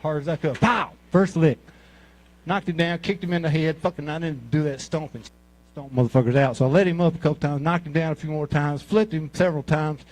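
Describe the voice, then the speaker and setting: A man in his sixties with a Mississippi Southern drawl tells rambling, profanity-laced stories in a stand-up set. His voice sits a bit high for a man, and his delivery is crude, loose and conversational. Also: steady tone, brisk, a little mellow, low-quality recording. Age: 60s. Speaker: amateur comic at a talent show. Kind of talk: stand-up storytelling.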